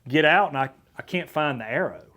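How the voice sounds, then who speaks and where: Animated male podcast host telling a story. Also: fairly high pitch, a little fast. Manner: energetic, animated storyteller with frequent restarts. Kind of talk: casual storytelling chat.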